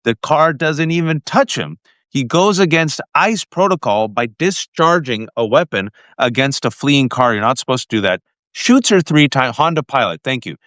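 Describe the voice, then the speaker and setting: A man's voice: medium pitch, lively intonation, moderate pace, a bit bright, dry recording. A man hosting a live-stream political talk show, telling events in an urgent, earnest way. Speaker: host. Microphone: phone mic.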